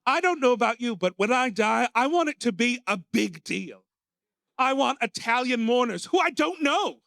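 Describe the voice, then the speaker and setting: Gravelly yet fairly bright, the voice belongs to an American comedy host running a stand-up night at a small pub with a live audience. His manner is camp and theatrical, with swoops into shrill character voices, and the sound is dry and clean like a studio.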